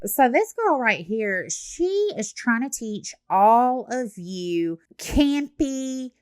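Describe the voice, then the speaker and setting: A woman's voice: a little high, big pitch swings, slow pace, clean tone, dry recording, clean studio sound. A young woman giving blunt, sarcastic reaction commentary, swearing freely. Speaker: commentary host.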